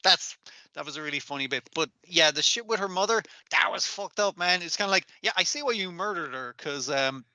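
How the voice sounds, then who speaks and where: A man's voice: on the high side, lively intonation, brisk, pushed and bright, no echo. A man co-hosting an anime podcast, chatting casually and swearing a lot while acting out characters' lines. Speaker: podcast co-host. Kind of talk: casual chat recapping anime.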